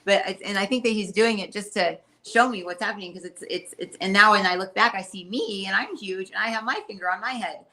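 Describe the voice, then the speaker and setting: A woman's voice: mid-range voice, fairly quick, hardly any pauses, sharp tone. A woman, a medium and co-host, eagerly describing what she sees from the spirit side in casual chat.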